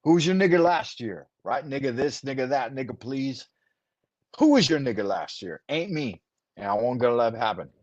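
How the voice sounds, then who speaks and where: Husky profane man giving a rambling pep talk. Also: mid-range voice, expressive, normal speed, a little mellow, no room sound, lo-fi sound. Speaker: host. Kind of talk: casual podcast chat.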